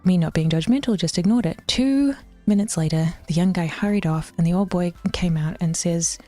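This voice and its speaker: A woman streaming herself while she works out, chatting loosely with viewers in a mellow, warm voice. She drifts into half-whispers, laughs easily and swears without a second thought. Faint music plays behind her. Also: fairly low pitch, normal speed. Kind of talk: casual livestream chat while working out.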